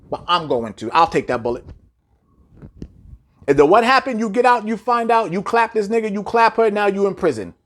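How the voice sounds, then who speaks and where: A man preaching a blunt, profane monologue straight at his listeners. His voice sits fairly high and swings widely in pitch, hammering home points with repeated rhetorical questions. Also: fairly bright tone. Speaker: commentator.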